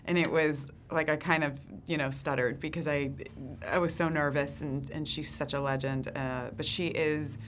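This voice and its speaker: A woman's voice: low-pitched, moderate pace, hardly any pauses, a little hiss or hum. A woman in an interview, chatting casually about her acting work, laughing easily and acting out what others said. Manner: animated, laughs easily, acts out quotes. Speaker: actress interviewed.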